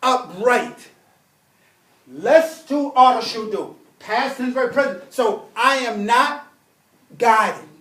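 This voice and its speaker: A man teaching an Arabic religious text in class, emphatic and animated, repeating key points and reading Arabic quickly. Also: very high voice, echoey room, distant mic. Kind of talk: classroom lesson.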